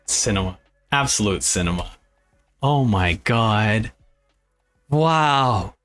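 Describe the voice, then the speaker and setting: A young man reacting to a manga as he reads it aloud, excitable and exclaiming often. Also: high voice, slow, pauses often, faint music behind.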